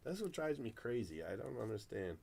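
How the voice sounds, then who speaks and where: Middle-aged guy rambling through a story while opening cards, casual chatty host, mid pitch. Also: very animated, fairly quick, vocal fry, a little mellow. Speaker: card break host.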